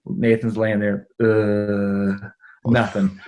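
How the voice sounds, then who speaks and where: A middle-aged man, a guest in an interview, telling a personal family story in an animated way, laughing along and checking in with his listener. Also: medium pitch, moderate pace.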